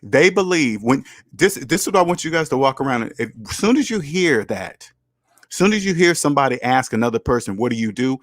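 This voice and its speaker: A man's voice: medium pitch, animated, fairly quick, no echo, clean studio sound. A man hosting a casual livestream, reading viewer comments aloud and answering them with emphatic rhetorical questions. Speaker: channel host reading chat comments. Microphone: camera mic.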